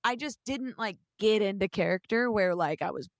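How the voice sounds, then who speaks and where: Young woman, twenties, podcast co-host; animated storyteller who acts out quotes; dry recording. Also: mid-range voice, normal speed, no echo. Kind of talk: casual chat.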